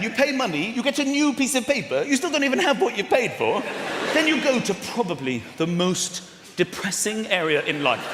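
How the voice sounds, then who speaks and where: A man doing stand-up comedy as host, animated, laughing through his lines and acting out little voices. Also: extremely high pitch, very noisy. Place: large theatre with live audience. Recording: echoey venue with loud audience laughter.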